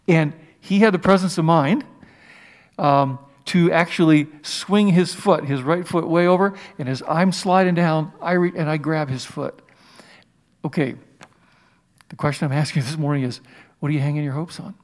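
A man preaching a sermon as pastor, telling a personal story with many halting restarts. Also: a little high. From United States.

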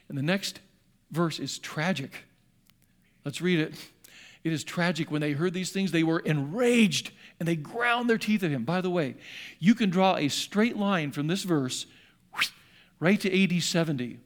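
In a church sanctuary, a pastor delivers a sermon with theatrical flair, acting out scripture voices and alternating between booming and quiet passages. He speaks at a high pitch and a moderate pace.

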